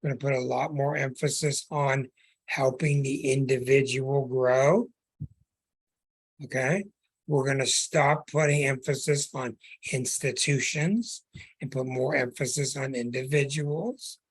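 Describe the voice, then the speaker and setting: Male astrology host, slow and husky, earnest preacher's delivery with stretched words. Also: medium pitch, fairly even intonation. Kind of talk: podcast monologue.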